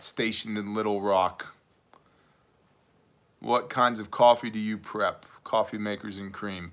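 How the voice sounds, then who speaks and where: A man's voice: on the low side, fairly bright tone. A man from New York hosting a casual livestream, joking and rambling through stories while answering chat questions. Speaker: livestream host.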